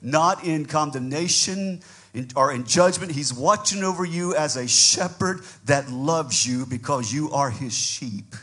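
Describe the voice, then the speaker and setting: A man preaching a sermon as pastor, calling for feedback from the congregation and building from quiet reflection to loud, emphatic declarations. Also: fairly high pitch, a little slow, breathy edge. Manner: preaching with call-and-response, swelling from soft musing to loud emphatic declarations.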